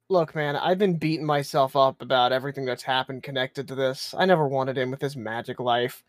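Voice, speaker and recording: A player stammering through apologies and plans at the game table, tripping over his words again and again. The voice sits at a middle pitch, recorded close and dry with no room sound. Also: normal speed, no room sound. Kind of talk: tabletop role-play.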